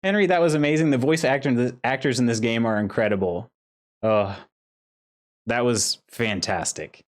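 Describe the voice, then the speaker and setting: A man streaming a video game who laughs often, exclaims loudly and reads out viewers' chat messages. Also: mid-range voice, moderate pace. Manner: giggly, exclaiming, reading chat aloud. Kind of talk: casual live-stream commentary.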